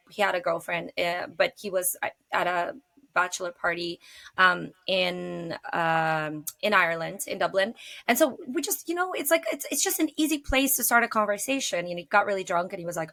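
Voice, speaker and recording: A woman's voice: medium pitch, sharp tone. A woman guest on a podcast, chatting frankly and animatedly about dating. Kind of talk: casual chat.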